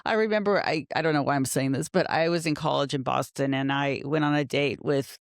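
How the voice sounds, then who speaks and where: A woman's voice: low-pitched, a little fast, no echo, clean studio sound. Effusive woman podcast host from the Midwest. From Kansas City area, US Midwest. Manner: warm, effusive, rambling, self-interrupting. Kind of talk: casual interview conversation.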